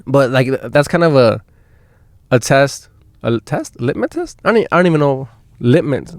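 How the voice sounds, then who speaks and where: Male podcast host, mid-pitched, casual and profane, recorded dry in a van. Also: big pitch swings, normal speed, no room sound. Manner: rambling, swears a lot, many restarts. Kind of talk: casual storytelling. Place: inside a van.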